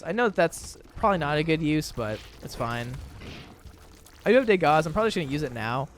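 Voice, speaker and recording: Lively young man rambling over gameplay. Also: a little high. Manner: chatty, rambling, animated, exaggerated indignation. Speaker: gaming video creator. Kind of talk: casual gameplay commentary.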